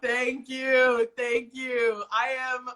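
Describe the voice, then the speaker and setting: Woman livestream host, effusive and teary, high bright voice. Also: flat delivery, drawn-out words. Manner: effusive, tearful, slangy. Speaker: host of a live show. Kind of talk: emotional livestream talk.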